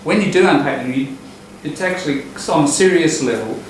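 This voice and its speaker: A man teaching an English class, explaining pronunciation patterns in a relaxed way and repeating phrases to model them. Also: fairly high pitch, a little fast, slight background noise. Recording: echoey classroom recorded from a distance.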